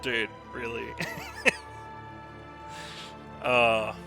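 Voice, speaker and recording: Gravelly man telling stories with laughter. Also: medium pitch, very slow. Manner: animated storyteller, laughs often, acts out quotes. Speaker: let's play co-host. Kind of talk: casual chat over gameplay. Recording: music bed behind voice.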